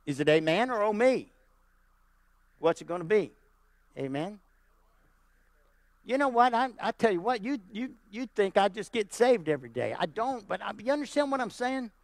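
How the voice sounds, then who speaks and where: A pastor preaching a sermon, hammering points with repeated lines, checking in with the congregation, and slipping into folksy, plainspoken asides. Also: male voice, high-pitched, lively intonation, moderate pace, pauses often, no echo. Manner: emphatic preaching with repeated lines and calls of "Amen?".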